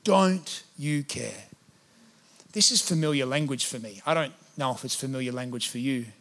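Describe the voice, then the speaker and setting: A man's voice: medium pitch, quick pace, a bit bright. A man, preaching a sermon as a pastor, earnest, and at times acting out prayers in a pleading voice. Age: 30s.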